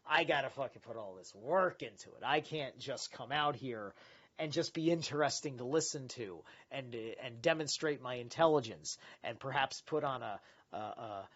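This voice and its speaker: A man's voice: medium pitch, husky, lo-fi sound. A man hosting a live stream, reading a philosophy text aloud and rambling candidly between passages, swearing and restarting often. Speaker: livestream host reading philosophy.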